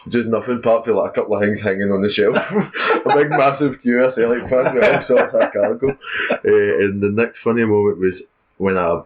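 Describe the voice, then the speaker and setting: A man's voice: on the low side, normal speed. A Scottish man co-hosting a football podcast, talking casually in a laid-back way. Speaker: podcast co-host. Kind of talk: casual chat. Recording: tinny phone-like audio.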